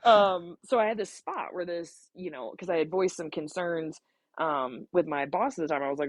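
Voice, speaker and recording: A woman veterinarian and podcast host, telling stories in animated casual chat with quick asides. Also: on the low side, dry recording.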